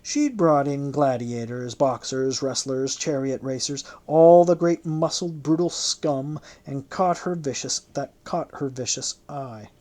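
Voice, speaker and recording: An audiobook narrator reading a historical novel in the first person, in a measured, literary way. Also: medium pitch, dark tone.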